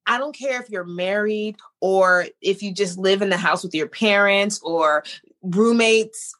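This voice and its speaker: A woman talking bluntly and with animated indignation in a casual conversation. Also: medium pitch, unhurried. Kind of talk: casual chat.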